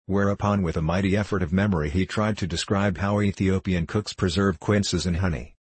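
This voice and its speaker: A man narrating a classic tale as an audiobook in a measured, even storytelling manner. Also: low voice, slightly rough, no room sound.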